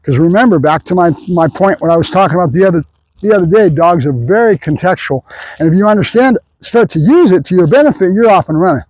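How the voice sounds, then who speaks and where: A man who is a dog trainer, explaining his methods in a casual way and often checking in with the viewers with a quick "right?". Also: sits high, lively intonation, darkish tone, no echo, poor audio. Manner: casual, talks to the viewers with frequent "right?" asides.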